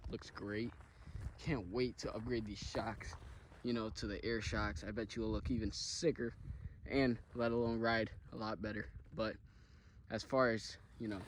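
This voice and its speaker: A man out on the trails, short of breath and tired after hard riding, talks through a casual review in a mid-pitched voice. His delivery is loose and rambling, with plenty of fillers and repeated words. A faint hiss of noise sits behind him. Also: poor audio. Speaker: vlogger reviewing his ATV. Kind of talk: casual outdoor review vlog.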